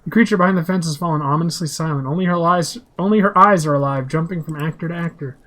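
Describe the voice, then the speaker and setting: A man reads out the narration of a role-playing game for blind listeners. His delivery is plain and steady. The voice sits a little high and sounds bright and forceful. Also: fast. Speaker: gamer describing a game for blind players. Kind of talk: reading game text aloud.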